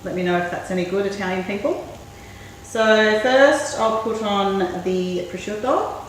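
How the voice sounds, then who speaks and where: Woman, cooking show host, casual chatty talk, mid pitch, very echoey room, distant mic. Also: a little slow. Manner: chatty, relaxed, thinks aloud. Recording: very echoey room, mic far off, faint noise.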